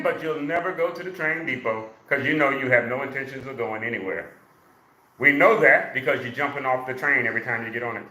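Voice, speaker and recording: A man leading a live exercise class for seniors, counting reps loudly, joking and coaxing the class along. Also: mid-range voice, brisk. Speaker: senior fitness instructor. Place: exercise room. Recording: echoey room.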